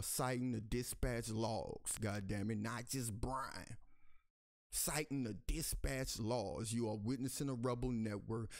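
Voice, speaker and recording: A man's voice: gravelly, darkish tone. A man reads a news article aloud and keeps stopping to rant at his audience in heated, profane bursts. His voice sits in an ordinary middle register but leaps sharply upward whenever he gets outraged. He calls out to his listeners as y'all over and over. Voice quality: pitch jumps high when outraged. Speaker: commentary channel host. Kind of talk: angry commentary reading a news article aloud.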